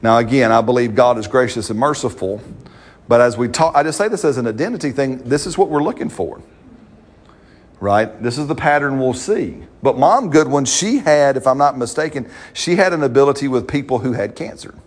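A man's voice: mid-range voice, animated, a little fast. A man, preaching a sermon as pastor, talking to the congregation in a conversational way and often checking in with "right?".

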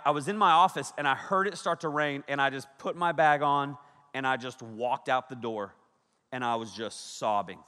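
Bright-voiced youth pastor in a reverberant hall. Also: male voice, medium pitch. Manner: animated storytelling, shouting quoted lines, frequent laughs. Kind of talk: youth sermon. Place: large hall with a big audience. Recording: echoey hall with long reverb.

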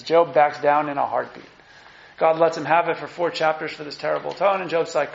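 Animated male lecturer in an echoey room. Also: fairly high pitch, fairly quick, creaky, dull audio. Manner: animated, conversational, acts out quotes. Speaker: teacher. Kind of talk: lecture on scripture.

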